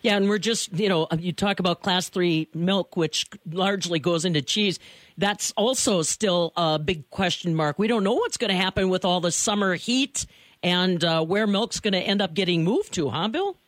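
A woman's voice: lowish voice, moderate pace, dry recording. A woman hosting a farm radio show, interviewing a guest in a friendly, conversational way.

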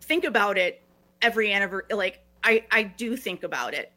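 A woman's voice: medium pitch, lively intonation, a little fast, sharp tone. A middle-aged woman speaking as a guest on a talk show, earnest, often restarting her phrases. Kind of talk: reflective podcast conversation.

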